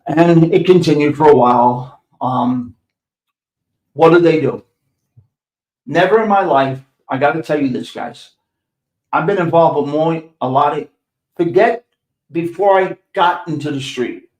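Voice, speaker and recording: A man's voice: fairly high pitch, unhurried, pauses often, darkish tone. An older man with a New York accent, telling street stories on his podcast in a blunt, profane, sarcastic way. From New York City. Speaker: podcast host. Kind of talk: profane storytelling monologue. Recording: echoey room.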